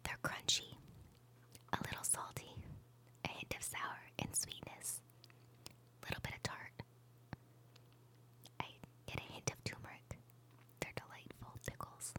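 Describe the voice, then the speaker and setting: Lady doing a whispered role-play, super soft breathy whisper, sweet sleepy goodnights. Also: measured pace, pauses often. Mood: sultry.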